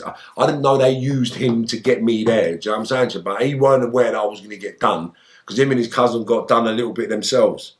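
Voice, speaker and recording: A man, telling his story as an interview guest. He talks in a lively way, swears freely and acts out what people said. His voice sits at a middling pitch. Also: fast talker. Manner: animated, swearing, acts out shouted quotes.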